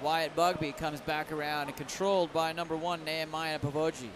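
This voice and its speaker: Male play-by-play commentator, slightly high voice, brisk, shouts the big plays, loud noisy venue. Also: little pitch movement. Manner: brisk, calls plays with sudden raised bursts. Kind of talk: live sports commentary. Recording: loud background noise.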